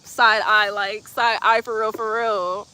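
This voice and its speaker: Playful, bright-voiced woman streaming outdoors. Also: medium pitch, flat delivery, unhurried. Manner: playful, teasing, laughs often, repeats phrases. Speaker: livestreamer reading chat comments. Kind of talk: casual livestream chat. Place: outdoors in sunlight.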